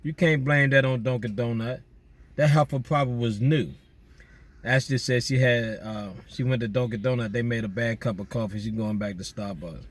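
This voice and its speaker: A man chatting casually outdoors at night, giving relaxed, slangy shout-outs to his listeners. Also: medium pitch, moderate pace. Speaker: vlogger doing viewer shout-outs. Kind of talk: casual chat.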